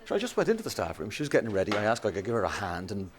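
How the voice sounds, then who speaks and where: An actor with an Irish accent playing a mocking police officer who turns defensive and insistent, in a TV crime drama. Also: male voice, on the low side, wildly swooping pitch, rapid-fire. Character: sly, taunting male police officer. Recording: clear background noise.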